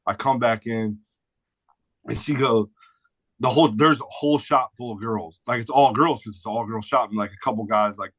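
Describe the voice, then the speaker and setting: A man's voice: mid-range voice, normal speed, fairly bright tone, dry recording. A man in his forties from the St. Louis area, a podcast guest telling stories in a blunt, laid-back way full of swearing and "dude". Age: 40s. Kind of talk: casual storytelling chat.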